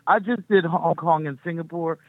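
A woman's voice: low voice, normal speed, a little hiss or hum. A middle-aged woman, a touring music artist, chatting upbeat and rambling as a guest calling into a radio show. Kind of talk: phone interview on radio. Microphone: phone call. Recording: tinny phone line.

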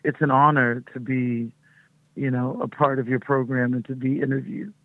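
A woman's voice: a bass voice, little pitch movement, normal speed, no echo. A middle-aged woman, a touring music artist, chatting as a guest in a rambling way and laughing often. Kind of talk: casual phone interview. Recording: tinny phone line.

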